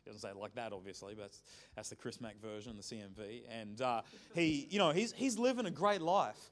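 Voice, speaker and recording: Aussie preacher guy, chatty sermon, storytelling with a few jokes, mid pitch. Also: a little fast. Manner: conversational, lively storytelling with jokes.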